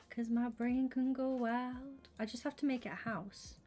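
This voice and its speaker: A young woman livestreaming a game, chatting with her viewers and thinking out loud, often slipping into a whisper. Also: a little high, steady tone, unhurried, faint music behind. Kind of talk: casual gaming stream chat.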